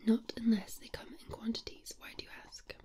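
A cool, amused lady passenger teases lightly in a whispered role-play, voiced by a Scottish woman. Her whisper is soft, breathy and a little high. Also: little pitch movement, moderate pace, lightly acted. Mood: teasing.

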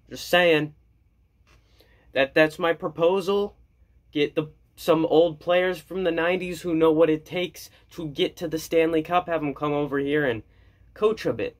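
A man vlogging as an excited hockey fan, gushing and jokey, repeating his lines. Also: fairly high pitch. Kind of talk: excited fan commentary to camera.

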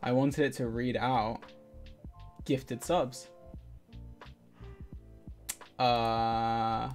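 A man's voice: medium pitch, level tone, extremely slow. Chatty streamer man over faint music. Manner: chatty and scattered, laughs often, thanks viewers. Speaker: live streamer. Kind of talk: casual live-stream chat while gaming. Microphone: desk microphone. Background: faint game music.

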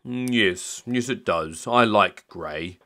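A man reading aloud, voicing an easygoing, stubborn old grandfather who speaks slowly and mildly. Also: on the low side, a bit bright. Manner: slow, mild, stubborn.

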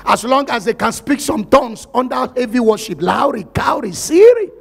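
A Nigerian-accented man preaching a sermon in a very high, gravelly, raspy voice. He swings into loud shouted passages as he acts out Bible scenes. The sound is husky and rough throughout. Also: very animated, moderate pace. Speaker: pastor.

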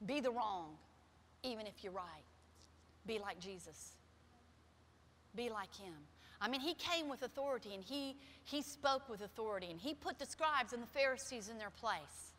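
A middle-aged woman pastor preaching a sermon with personal stories in a church, shifting from soft, quiet passages to loud, emphatic ones. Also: on the high side, animated, moderate pace, slight background noise. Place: church sanctuary. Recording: long hall reverb.

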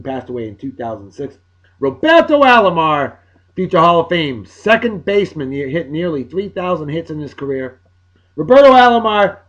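A man's voice: on the high side, dull audio. A man in his forties from Massachusetts, hosting a casual, jokey solo show and putting on a folksy country drawl. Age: 40s. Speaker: host. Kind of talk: casual solo video blog.

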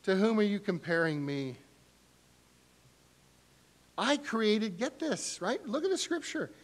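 Speaking slowly, a middle-aged man preaches a lively sermon as a pastor, imitating voices with abrupt pitch rises.

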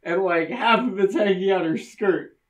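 A man's voice: high voice, moderate pace. Crude, giggly man riffing on a movie. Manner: crude, laughs often, does goofy voices. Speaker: podcast co-host. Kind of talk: casual movie-review banter.

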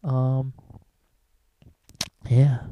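Speaking extremely slowly in a level mid-range tone, a man talks casually through a screen-recorded drawing tutorial. He rambles and swears nearly every sentence, with a noisy background behind him.

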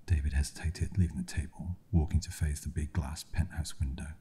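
Male ASMR storyteller, whispered role-play, very deep and husky. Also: steady tone, fairly quick, hardly any pauses. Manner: soft, hushed reading.

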